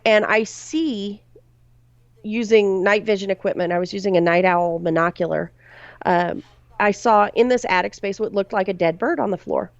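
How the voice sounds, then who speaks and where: A woman's voice: medium pitch, normal speed, dry recording, lo-fi sound. A woman, a paranormal investigator, telling a creepy story from her own experience as a guest on a podcast.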